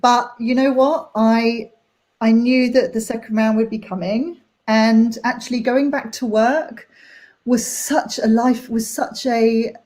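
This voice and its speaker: Woman, young adult, mellow voice, candid chat, halting, emotional. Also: fairly high pitch, fairly even intonation. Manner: emotional, halting, many fillers. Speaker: nanny sharing her story.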